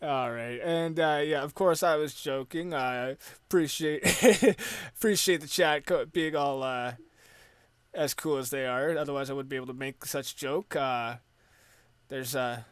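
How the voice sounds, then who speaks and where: A man's voice: medium pitch, measured pace, smooth, no room sound. A Canadian man hosting a casual stream chat, rambling and joking with lots of filler words. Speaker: podcast host.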